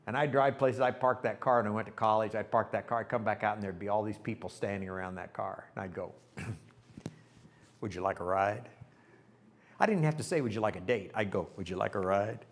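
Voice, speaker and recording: An older man, a pastor, telling a folksy, animated story in a sermon and acting out the voices of the people in it. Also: fairly low pitch. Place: church sanctuary.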